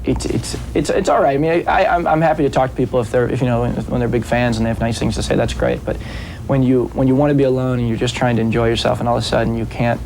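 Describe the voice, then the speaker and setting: Easygoing young man with gravelly voice. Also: medium pitch, fairly even intonation, darkish tone, a little hiss or hum, low-quality recording. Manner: easygoing, halting, many fillers. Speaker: interviewed actor. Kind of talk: casual interview.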